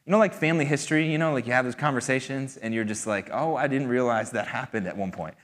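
A man's voice: mid-range voice, quick pace, a bit bright. A man preaching a sermon in a loose, conversational way, with frequent fillers and asides. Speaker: pastor. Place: church hall. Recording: long hall reverb.

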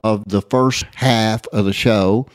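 Low-voiced East Texas man, rambling. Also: steady tone, no room sound, studio quality. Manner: rambling, halting with fillers. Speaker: co-host. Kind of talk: casual radio talk.

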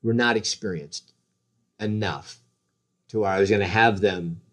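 A man in his forties with a fairly low voice tells a long story about his injuries in a relaxed, chatty way. He pokes fun at himself and slips into voices for his kids and wife. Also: a little slow. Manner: animated, acts out the voices of the people in his story; self-deprecating. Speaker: guest telling a story. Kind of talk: casual storytelling chat.

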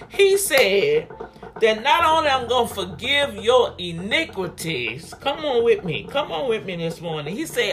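A preacher delivering a fervent sermon, urging the congregation to respond and repeating phrases in bursts that swing between loud and soft. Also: medium pitch, very animated, a little slow, faint music behind. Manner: fervent, repetitive call-and-response, big swings in loudness.

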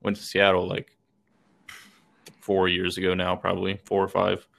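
Gravelly-voiced man, rambling podcast chat. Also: sits low, monotone, normal speed, fairly bright tone. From Texas. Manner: rambling storytelling, swears freely, fillers. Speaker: podcast co-host. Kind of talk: casual chat.

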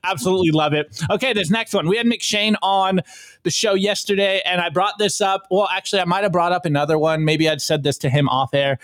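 A man with a high voice hosts a casual podcast meme segment. He talks in a joking, hyped way. The recording is dry and close. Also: steady tone, a bit bright, no echo. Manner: joking, hyped, quick asides. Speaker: podcast host. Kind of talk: casual meme review chat.

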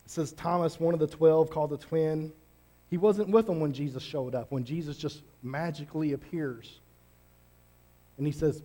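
High-voiced pastor preaching. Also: male voice. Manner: energetic, conversational, emphatic. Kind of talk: sermon.

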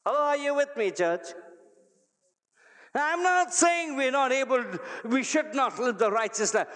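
A man's voice: very high voice, animated, measured pace, fairly bright tone. A male pastor preaching a sermon to his church, emphatic and repeating key phrases. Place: church hall. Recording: long reverb of a large hall.

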